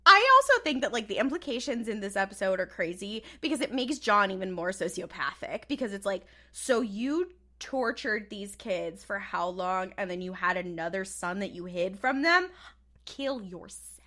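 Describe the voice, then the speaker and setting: A woman co-hosting a podcast, recapping a TV episode in casual chat, laughing often and acting out the characters' lines in flat mock voices. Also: medium pitch, normal speed, few pauses. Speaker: podcast co-host.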